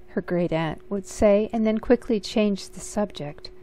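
A woman reading a picture book aloud in a gentle, measured storytelling manner. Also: medium pitch. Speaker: storybook reader.

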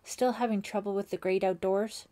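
A woman's voice: medium pitch, fairly even intonation, moderate pace, warm tone, lightly acted. A woman voicing a friendly young male camp counselor who talks in an easygoing, sympathetic way.

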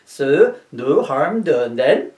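A man's voice: on the high side, distant mic, heavily acted. A man doing a plodding village constable. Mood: stolid. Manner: slow, stolid, deadpan. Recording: roomy echo, voice from off-mic.

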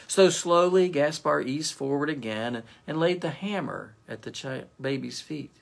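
A male pastor reading a story aloud as a devotion, in a gentle storytelling manner. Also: on the high side, lively intonation, normal speed, creaky, few pauses.

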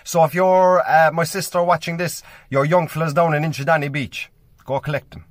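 Chatty Cork comedian, dry close sound. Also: male voice, on the high side, fairly even intonation, fairly quick, no room sound. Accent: Cork Irish. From Ireland. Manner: chatty, repeats "do you know what I mean". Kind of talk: stand-up storytelling monologue.

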